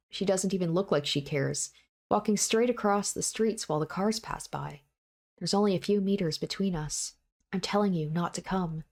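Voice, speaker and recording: A woman's voice: fairly low pitch, darkish tone. A woman reading a visual novel aloud in the first person, with an intense delivery that acts out panting breaths and repeated desperate cries. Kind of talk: dramatic first-person story reading with asides.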